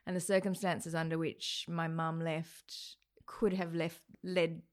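A woman in her thirties with an Australian accent, a guest in a casual interview who talks in a lively way and acts out the voices of people she quotes. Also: deep voice, a little slow.

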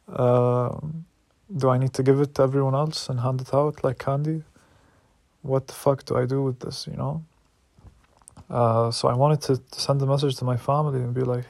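A man's voice: medium pitch, little pitch movement, moderate pace, creaky, no echo. A man talking through raw anger and doubt in a personal reflective monologue, restarting his sentences and swearing often. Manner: raw, angry, searching, with repeated restarts and swearing.

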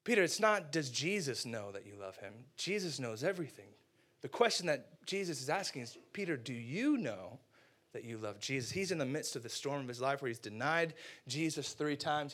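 Young man, casual preacher; lively retelling, voices the quotes, slightly higher voice. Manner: animated storyteller, acts out quotes, slangy asides. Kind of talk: casual sermon.

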